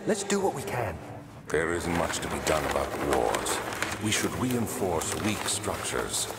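A grim, weary figure from a horror game, with an extremely deep voice and a gravelly rasp. He speaks in a grave, measured way under loud background noise. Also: wildly swooping pitch, exaggerated voice. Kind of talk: game voice acting.

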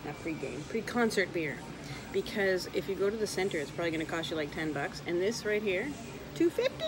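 A woman vlogging on a handheld camera, gushing, swearing and exclaiming with excitement. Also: fairly low pitch, a little fast. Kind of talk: excited travel vlog. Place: hotel room, restaurant, outdoors.

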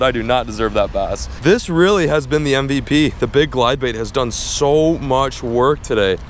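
A young man vlogging a fishing trip in casual chat, who gets loud and excited when fish bite. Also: medium pitch, moderate pace, few pauses, slight background noise. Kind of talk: casual vlog narration. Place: outdoors at city ponds, later in a car.

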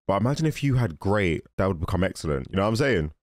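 Excitable young man reacting to a film. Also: deep voice, fast talker, few pauses, no echo, studio quality. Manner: excitable, laughs and exclaims often. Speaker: movie reaction host. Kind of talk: casual movie reaction commentary.

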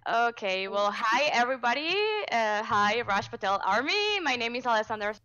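Bright young woman. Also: a little high, expressive, normal speed, clean tone, dull audio. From Venezuela. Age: 20s. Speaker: guest. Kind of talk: casual chat.

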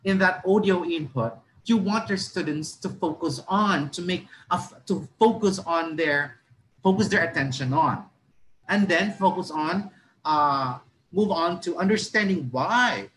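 A man teaching listening skills to parents and teachers, explaining slowly, restarting often and stressing key words aloud to show how. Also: high-pitched, fairly bright tone, slight background noise, low-quality recording.

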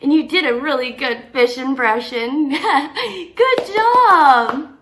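A young woman teaching toddlers in a learning video, talking slowly and encouragingly in a sing-song way with delighted gasps. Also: high-pitched, expressive, background noise. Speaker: children's teacher.

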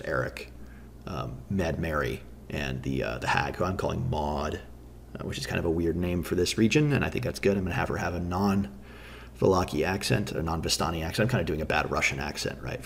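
A man's voice: low-pitched, creaky, a little hiss or hum. A man who runs a tabletop game, talking through his campaign prep and thinking aloud with many restarts. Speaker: game master. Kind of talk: solo talk on campaign prep.

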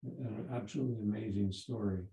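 A man in his seventies, a Zen teacher giving a dharma talk, telling a story in a halting way with many restarts. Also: on the low side, steady tone, vocal fry, warm tone, a little hiss or hum. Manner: halting, repeats words and restarts. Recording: roomy echo.

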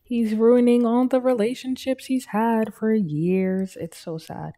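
A young woman casually narrating her life-simulation game, chatting and putting quick voices on the characters. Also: a little high, steady tone, warm tone. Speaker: let's play gamer. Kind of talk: casual gameplay commentary.

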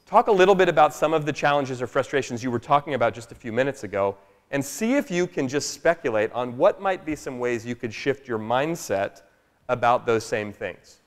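A man telling a family story to a live workshop audience in an animated, chatty way, often asking "right?". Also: mid-range voice, brisk. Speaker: speaker at a workshop. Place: large room with a live audience. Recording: long echo of a large hall.

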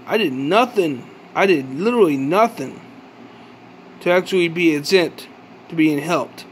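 A man with a notably high speaking voice vents in an accusatory vlog monologue. He fires off profane questions and stumbles into restarts as he goes. A faint background hum sits under his voice. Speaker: vlogger. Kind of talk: angry ranting monologue.

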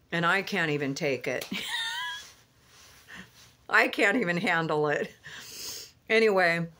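A woman's voice: on the low side, fairly bright tone. A woman vlogger sits in a car and delivers a fervent religious monologue. She talks earnestly and rambles, often restarting with "you know.". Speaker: Christian vlogger.

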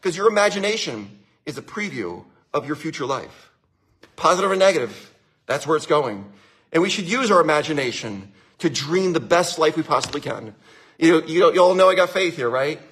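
Guy with a highish husky voice doing a pumped-up motivational talk, says stuff twice, laughs a lot. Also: lively intonation, moderate pace, fairly bright tone. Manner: enthusiastic and repetitive, laughing often. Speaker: winery owner giving a motivational talk.

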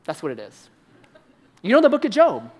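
A man preaching a sermon, swinging from loud excited bursts to soft, hushed emphasis and repeating short phrases. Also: high voice, moderate pace.

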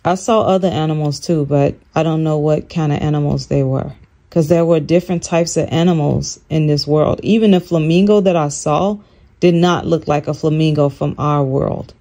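An older woman who hosts a channel recounts a dream in a casual, animated storytelling style, acting out quoted lines in a higher voice.

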